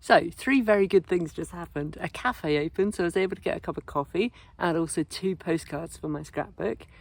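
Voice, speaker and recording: A creaky, slightly fast voice on the low side belongs to a woman vlogging on foot through the countryside. Her casual travel narration has a chatty, wry, easily amused feel.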